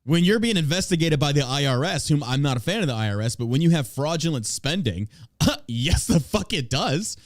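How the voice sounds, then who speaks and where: An American man hosting an opinion podcast, with a mid-pitched voice and a blunt, profane delivery. He swings from mocking sarcasm to flat dismissal, and the sound is dry and close. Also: fairly quick, dry recording. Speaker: podcast host.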